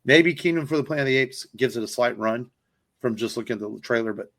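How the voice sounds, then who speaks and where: A man's voice: medium pitch, fast talker, fairly bright tone. A man on a podcast chatting casually about films, enthusiastic and rambling, with lots of fillers and the odd swear word. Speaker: podcast co-host. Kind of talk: casual movie review chat.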